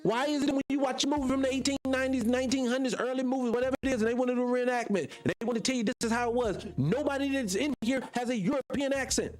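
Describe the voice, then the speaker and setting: A man's voice: extremely high pitch, racing, hardly any pauses. Emphatic man hosting a commentary monologue. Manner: emphatic, rhetorical questions, addresses viewers directly. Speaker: channel host.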